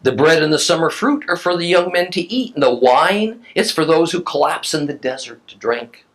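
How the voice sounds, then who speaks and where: A deferential male servant bows low before his king, as a man reading scripture puts him on. His speech is soft and humble, and it keeps a lively rise and fall in pitch. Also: normal speed. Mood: explaining. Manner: deferential, bowing.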